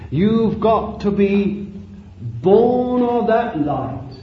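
Male preacher, high voice, slow impassioned sermon, roomy lo-fi church recording. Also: big pitch swings, a little hiss or hum. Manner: impassioned, rising and falling, drawn-out phrases.

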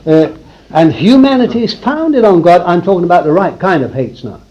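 A man preaching a sermon to a congregation in a room, swinging from loud declarations to hushed asides. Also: high-pitched, very animated, moderate pace, dull audio.

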